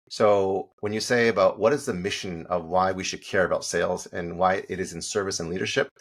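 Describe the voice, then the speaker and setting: A middle-aged sales coach, guesting on an interview show, tells stories with animation and acts out the quoted dialogue in casual talk. His low voice is creaky with a breathy edge.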